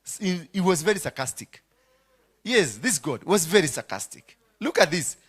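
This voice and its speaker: A Kenyan man preaching a sermon, dramatic, swinging between hushed asides and shouts, dropping into Swahili phrases. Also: on the high side, animated, moderate pace. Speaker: apostle preaching.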